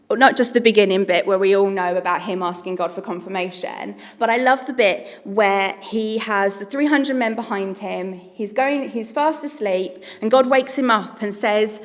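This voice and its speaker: A woman's voice: mid-range voice, normal speed, big-room sound. A woman giving an earnest, conversational sermon as a preacher.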